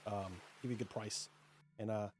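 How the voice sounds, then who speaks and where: A man's voice: fairly low pitch, steady tone, normal speed, a little mellow, slight background noise, lightly acted. A man voicing a courteous, businesslike male harbor trader in a tabletop game. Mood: satisfied.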